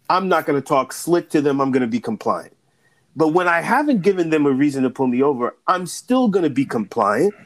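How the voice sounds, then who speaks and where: A man, a political and legal analyst, talking emphatically in a candid discussion and firing off repeated rhetorical questions. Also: fairly high pitch.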